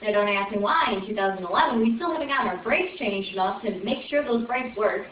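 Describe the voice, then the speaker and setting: A woman's voice: mid-range voice, animated, fast talker, slight background noise. A young woman from Chicago doing a rambling, exasperated stand-up rant with chatty asides to the crowd. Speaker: open mic comic. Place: small open mic venue on stage. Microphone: far camera. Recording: echoey room from far off, dull lo-fi video.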